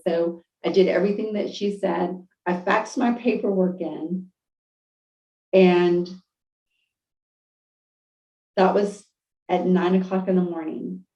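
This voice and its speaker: A woman's voice: fairly low pitch, fairly even intonation, dark tone. Heartfelt woman guest, roomy distant sound. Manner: heartfelt, halting, many fillers and restarts. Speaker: podcast guest. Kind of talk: emotional personal storytelling. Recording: roomy, distant, dull lo-fi audio.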